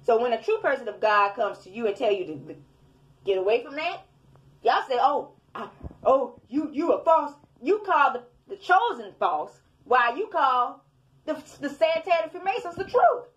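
A woman's voice: sits high, big pitch swings, moderate pace, a bit bright, lo-fi sound. A woman preaching in a fiery, scolding rant at her online commenters, repeating her points. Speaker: self-styled preacher.

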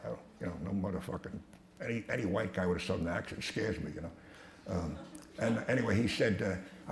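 In an echoey hall with a live audience, an older man with a low, gravelly voice tells brash, profane stories at a brisk clip. He is blunt, stammers and restarts often, and the recording carries noise and a faint hiss.

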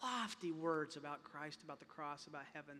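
A man preaching a sermon as a pastor, impassioned, often repeating words and rising to loud emphatic peaks. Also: fairly high pitch, fairly quick, slight background noise. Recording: long reverb of a large hall.

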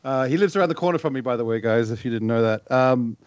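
A man who grew up in New Zealand chats casually on a livestream, easygoing and quick to laugh. His voice sits at an ordinary pitch. The sound is dry and a little dull. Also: dry recording. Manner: relaxed, chatty, laughs often. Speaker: co-host of a beatbox reaction stream.

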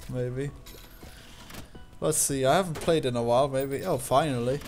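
A man's voice: medium pitch, moderate pace, a little mellow. A man hosting a casual gaming chat while playing, dry and understated. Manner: dry, understated, short replies. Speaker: game developer and host. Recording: game music behind.

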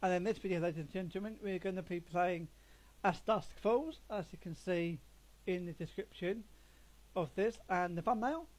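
A man's voice: high voice, moderate pace. A man hosting a gaming channel, opening a livestream with an upbeat, announcing manner. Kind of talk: casual livestream intro.

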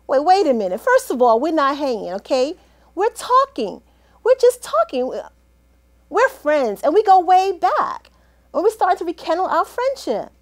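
High, lively woman acting a one-woman skit. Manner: animated, sassy, dramatic. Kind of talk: one-woman comedic drama skit, phone and one-sided conversations.

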